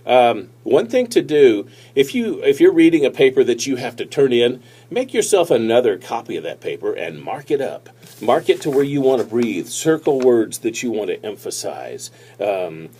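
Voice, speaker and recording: A man giving casual tips on presenting, talking to a tablet camera in a relaxed, rambling way with many fillers and restarts. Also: medium pitch, moderate pace, slightly rough. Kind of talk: casual instructional talk to camera. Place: seated, recording on a tablet. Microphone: tablet's built-in mic.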